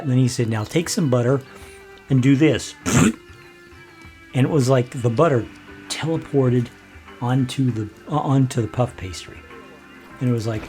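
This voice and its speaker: A man's voice: mid-range voice, moderate pace, warm tone, faint music behind. A man casually telling a rambling story while playing a game, chuckling and restarting sentences. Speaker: gameplay commentator.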